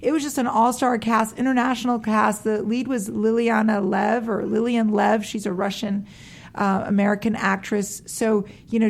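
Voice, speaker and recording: A woman, an actress guest on a radio interview show, chatting casually, laughing often and using lots of "like" and "you know". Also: on the high side.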